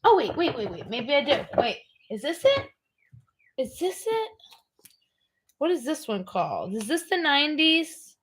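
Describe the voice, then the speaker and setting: A woman's voice: high-pitched, big pitch swings, unhurried, pauses often, a little hiss or hum. A middle-aged woman hosting a livestream, chatting casually in a blunt, rambling way. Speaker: livestream host. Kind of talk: casual chat.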